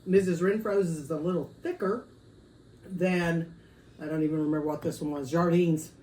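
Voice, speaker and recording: Her mouth on fire from hot salsa, a friendly vlogger chats through a food tasting, tossing in "y'all." She speaks at normal speed in a warm, steady, fairly low voice, and the room echoes with faint noise behind her.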